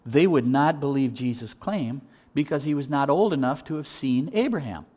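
A male pastor preaching a sermon in an animated way, acting out voices and repeating words as he restarts. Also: medium pitch, normal speed, breathy edge.

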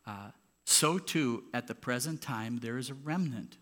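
Animated yet measured, a pastor preaches in his church sanctuary with a mid-range, fairly bright voice. He's conversational overall and emphatic on his points, recorded on a handheld or clip mic prone to popping.

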